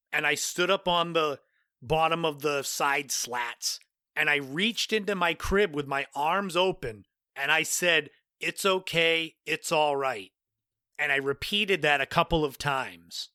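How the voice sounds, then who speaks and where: A man's voice: a little high, bright, forceful tone, no room sound, clean studio sound. A man in his forties from Cape Cod, Massachusetts, hosting a podcast and telling a personal story in a conversational way, with offhand asides. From Cape Cod, Massachusetts, USA. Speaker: podcast host.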